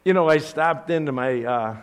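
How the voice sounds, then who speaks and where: An older man, a grandfather, preaching a sermon with animated, playful storytelling and asides. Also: on the high side, moderate pace. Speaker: pastor.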